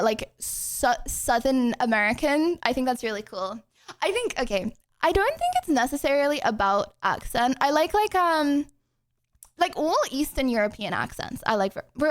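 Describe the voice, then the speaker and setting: Giggly, rambling young woman streamer. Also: high voice. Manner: giggly, rambling, lots of "like" and "bro". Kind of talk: casual chat answering chat questions.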